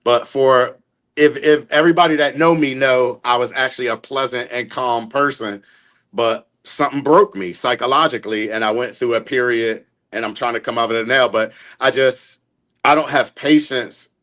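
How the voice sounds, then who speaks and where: A man's voice: mid-range voice, moderate pace, a bit bright. A man with a Philadelphia accent, talking openly and bluntly about his temper in a casual group podcast chat. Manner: blunt, open, reflective. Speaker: podcast guest.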